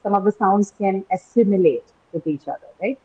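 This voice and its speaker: A woman runs an online English lesson, saying each word several times and asking her students questions. Her voice is husky and breathy. The call audio is thin and phone-like. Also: mid-range voice, warm tone. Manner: patient, repeats words slowly, asks students questions. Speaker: English teacher.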